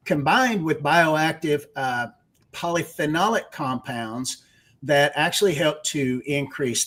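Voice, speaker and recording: A man with a Texas accent speaks as a radio guest, in a slightly higher-pitched voice. He explains technical details step by step and often checks in with a quick "okay.". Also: a bit bright. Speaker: guest, research executive. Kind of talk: explanatory interview answer.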